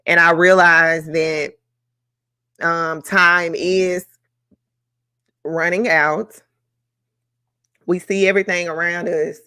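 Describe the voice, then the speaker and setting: Woman, book club host on a live stream. Slow, bright voice, heartfelt and candid, lots of ums. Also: fairly low pitch, little pitch movement, clear, resonant tone. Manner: slow, reflective and emotional, with many fillers.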